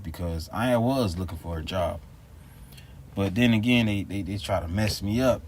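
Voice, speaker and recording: A deep-voiced man rambles through a story in loose, slangy talk. He sounds exasperated as he vents to the camera. There is faint noise in the background. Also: moderate pace. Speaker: vlogger. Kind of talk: casual vlog storytelling.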